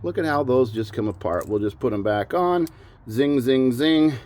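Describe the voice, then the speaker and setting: Fairly low-pitched and animated, this man talks fairly quickly over a noisy background. A dad hosting a backyard mechanic channel, he jokes casually at his own expense while working on a car outdoors in a backyard garage area, rain starting.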